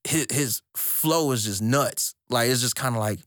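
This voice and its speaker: Animated young man in loose podcast chat. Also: unhurried, no echo, clean studio sound. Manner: animated, profane, jumps into high excited voice when quoting himself. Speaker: podcast co-host. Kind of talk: casual chat about music.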